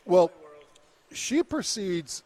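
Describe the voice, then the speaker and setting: A man's voice: high-pitched, drawn-out words. A man from Utah hosting a casual chat, telling a story with lots of laughter and acted-out bits. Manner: animated, laughs often, acts out the people in his story. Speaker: podcast host telling a story.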